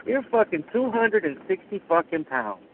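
A man's voice: high voice, big pitch swings, normal speed. A male caller ranting angrily with heavy swearing about his team's offense. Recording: tinny phone line with faint noise.

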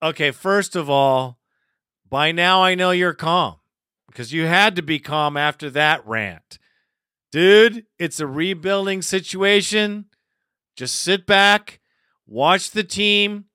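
A man hosting a fan call-in radio show, calming callers down and encouraging them to vent. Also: high-pitched, takes it slowly, clean tone, no echo, clean studio sound.

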